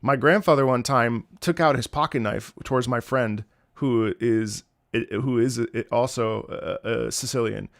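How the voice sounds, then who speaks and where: A man's voice: medium pitch, unhurried, gravelly, hardly any pauses. A man casually chatting with his viewers on a live stream, rambling and joking with chat.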